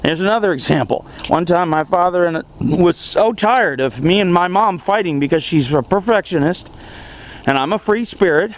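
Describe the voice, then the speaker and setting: A young man in a casual self-help vlog monologue, earnest and animated, chuckling often as he talks. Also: high-pitched, normal speed. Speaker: vlogger.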